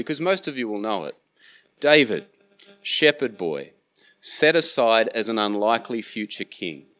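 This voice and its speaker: A man's voice: fairly low pitch, fairly bright tone. A man preaching a sermon, retelling a scripture story in casual everyday slang. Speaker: pastor.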